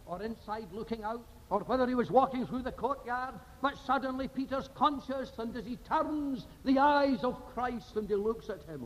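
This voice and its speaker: A man's voice: high voice, animated, unhurried, darkish tone. A man preaching an impassioned sermon, often firing rhetorical questions at the congregation. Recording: dull lo-fi recording in a reverberant hall.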